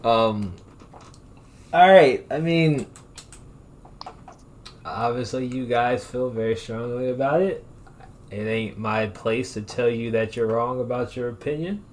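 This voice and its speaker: A man co-hosting a podcast, ranting in a profane, animated casual chat. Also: mid-range voice, slow, pauses often, a little hiss or hum. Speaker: podcast co-host.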